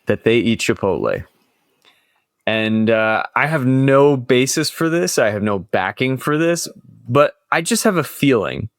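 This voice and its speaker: A man's voice: mid-range voice, animated, measured pace, dry recording, studio quality. A young man co-hosting a casual podcast, joking with mock-expert bravado. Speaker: podcast co-host. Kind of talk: casual debate chat.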